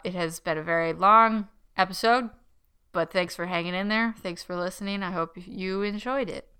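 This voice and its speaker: Woman co-host, relaxed and giggly, smooth bright tone, loose filler-heavy delivery. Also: on the low side, normal speed. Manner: laid-back, giggly, lots of likes and fillers. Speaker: podcast co-host. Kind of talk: casual chat, reading a listener story.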